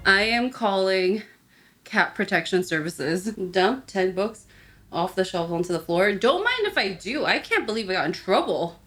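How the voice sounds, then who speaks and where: A young woman in her twenties giving casual, excitable commentary while playing a VR game, bursting into squeals and laughter when startled. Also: mid-range voice, moderate pace, music in the background. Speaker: VR gaming YouTuber.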